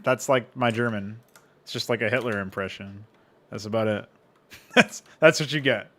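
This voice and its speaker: Bright-voiced young man streaming casually. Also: medium pitch, animated, normal speed. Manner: laid-back, joking, swears, reads out chat. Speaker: streamer and game modder. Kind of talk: casual live-stream chat.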